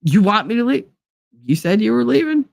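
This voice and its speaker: A woman hosting a casual chat show, telling a story in a blunt, animated way and swearing freely. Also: fairly high pitch, a little fast, creaky, no room sound. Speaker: host.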